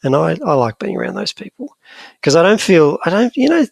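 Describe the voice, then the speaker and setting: A man with a gravelly, rough-edged voice co-hosts a podcast, his pitch bouncing up and down as he banters. His talk is casual, jokey and a little rambling. The sound is dry and close, with no room around it. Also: huge pitch swings, a little fast, dry recording. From Scotland. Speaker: podcast co-host. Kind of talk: casual chat.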